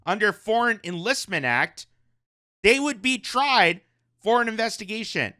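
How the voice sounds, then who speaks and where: A man with a fairly high, bright, smooth voice delivers casual news commentary. He keeps a sarcastic edge and slips into mocking voices of the people he criticizes. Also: very animated, moderate pace. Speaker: commentary host.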